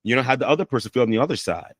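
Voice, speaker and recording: A man with a medium-pitched, expressive voice talks rapid-fire in a clean studio recording with no echo. He's a counselor and life coach teaching communication skills casually, peppering his talk with "right?" and "you know" while acting out sample apologies and I-statements.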